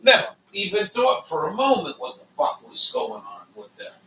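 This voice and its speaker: A man's voice: sits high, lively intonation, moderate pace, sharp tone, far from the mic, a little hiss or hum, rough recording. A man hosting a casual chat, rambling and swearing a lot, with many fillers. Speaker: livestream host.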